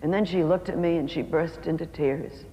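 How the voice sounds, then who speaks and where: A speaker telling a personal story from the pulpit, pitched in a middle range. The voice carries a long hall reverb. Faint noise sits underneath it. The speaker slows down and drops softer on key phrases. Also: fairly even intonation. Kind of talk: storytelling sermon talk.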